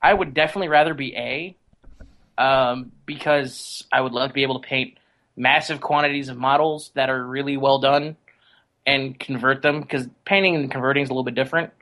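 A man's voice: mid-range voice, fairly even intonation, a little fast, pushed and bright, rough recording. A man as a podcast guest, chatting casually and enthusiastically with jokes.

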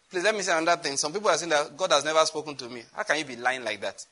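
A preacher delivers an animated sermon, acting out little exchanges as he goes. His voice sits a little high and rings bright and forceful. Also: very fast. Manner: animated, laughing, acting out dialogue.

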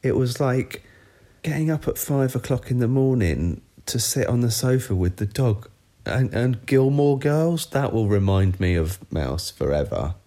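A man talking candidly and reflectively in a casual conversation, often halting mid-thought. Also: mid-range voice, very animated, warm tone.

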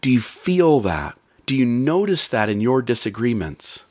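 A man's voice: mid-range voice, sing-song, a little slow, darkish tone. A man giving an earnest motivational talk about relationships, repeating phrases for emphasis.

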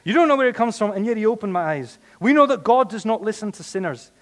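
A man's voice: sits high, animated, quick pace, long reverb tail, pitched above the performer's own voice. A man voicing a cheeky, defiant healed blind man in a put-on stage Irish accent, mocking his questioners.

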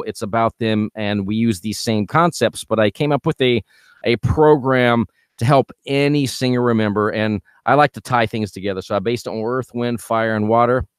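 A man's voice: medium pitch, clean tone, no room sound, clean studio sound. A man hosting a podcast as a vocal coach, giving casual advice with energy and repeating his key points.

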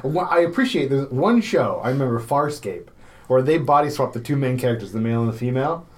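A blunt man chats casually as a podcast co-host, swearing freely and sounding a little sick. His pitch sits in the middle but swings widely as he talks. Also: expressive, fast. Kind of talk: casual chat.

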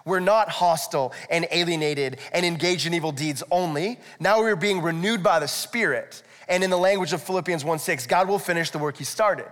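A man's voice: fairly high pitch, brisk, hardly any pauses, fairly bright tone. A male pastor preaching a sermon in a conversational, explanatory way, with rhetorical asides to the congregation. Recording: echoey hall, long reverb.

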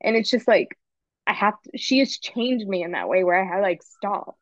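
A woman's voice: mid-range voice, no room sound. Woman with a dull, dry, lo-fi sound. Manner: emotional, expressive, quick asides. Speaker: podcast guest, photographer. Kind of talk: candid conversational chat.

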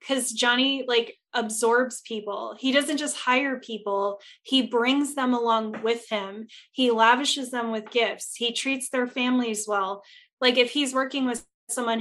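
A woman's voice: on the high side, fairly bright tone. A woman co-hosting a casual talk show, candid and blunt, who swears freely and acts out the quotes she retells. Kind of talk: casual chat.

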